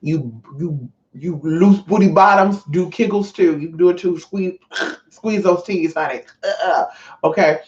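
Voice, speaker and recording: A woman's voice: fairly low pitch, measured pace, a little mellow. Woman, livestream host, brassy and profane, says honey a lot, roomy echo, muffled lo-fi sound. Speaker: livestream host reading chat. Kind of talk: casual livestream chat. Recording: roomy, distant, dull lo-fi mic.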